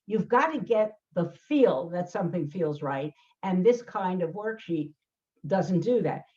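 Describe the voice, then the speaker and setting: A woman's voice: lowish voice, expressive, unhurried, a little mellow. Emphatic older woman explaining, lo-fi sound. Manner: emphatic, acts out quoted voices, frequent fillers and restarts. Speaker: learning specialist host. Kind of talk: explanatory conversation. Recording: dull lo-fi sound.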